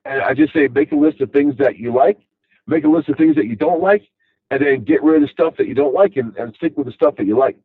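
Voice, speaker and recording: A man's voice: a little high, fast talker, dry recording. A middle-aged man with a Long Island accent, talking casually in a loose, rambling way full of "you know"s. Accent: Long Island New York. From Long Island, New York. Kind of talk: casual monologue. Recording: tinny phone-like audio.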